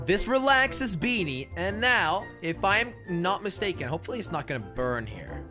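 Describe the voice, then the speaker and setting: Excitable male gaming host, lively pitch, bright tone, soft music behind. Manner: excitable, shouting, big swings. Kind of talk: game commentary.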